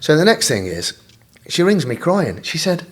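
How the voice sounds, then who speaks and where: A man, a podcast guest, telling a wild story in an animated way, laughing and swearing freely. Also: on the high side, moderate pace. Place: podcast studio.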